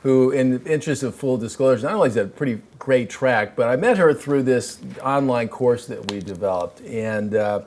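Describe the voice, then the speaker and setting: Casting note: talk-show host, man, easygoing and chatty, middle pitch. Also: moderate pace, hardly any pauses, darkish tone. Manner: casual and chatty, with fillers and restarts.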